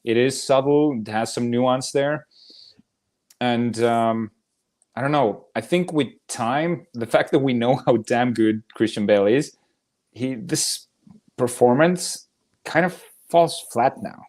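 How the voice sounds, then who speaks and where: American dude arguing about movies, swears a lot, laughs easy, mid pitch. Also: male voice, slow. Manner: animated, swears freely, laughs often. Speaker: co-host of a movie debate show. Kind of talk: casual debate chat.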